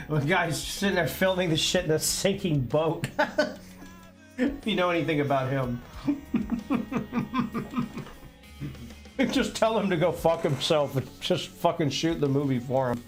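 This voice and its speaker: A man's voice: fairly high pitch, normal speed, soft background music. Hot-headed, foul-mouthed male streamer. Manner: heated, profane and blunt, swearing constantly. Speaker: live streamer. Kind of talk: unscripted live-stream rant.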